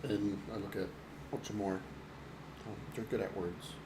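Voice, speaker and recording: A man playing at a tabletop game table, talking slowly and hesitantly. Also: on the low side, fairly even intonation, background noise. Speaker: player. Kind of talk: casual chat at a game table.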